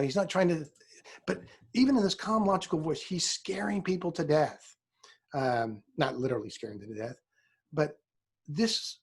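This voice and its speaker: A middle-aged man lecturing a history class in a loose, conversational way, full of ums and restarts. His voice sits a little high for a man and has a husky edge. He throws playful asides at his students. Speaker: history teacher.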